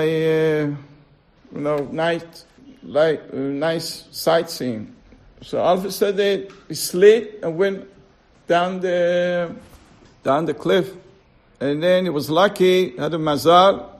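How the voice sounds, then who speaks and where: A man teaching a Torah class, telling a parable in a halting, storytelling way and chuckling as he acts out the dialogue. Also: fairly high pitch. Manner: halting, fillers, slow and deliberate. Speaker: rabbi.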